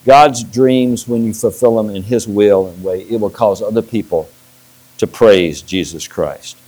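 A man's voice: on the low side, a little slow, darkish tone, slightly rough, rough recording. A middle-aged man, a pastor, preaching a sermon and telling stories with restarts. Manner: storytelling with restarts and acted-out quotes.

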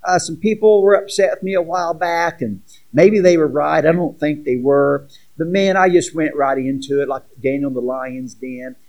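Guy preaching a sermon, pretty high voice, earnest, reads scripture and chats with the crowd. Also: steady tone, moderate pace, a little mellow, dull audio. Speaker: pastor.

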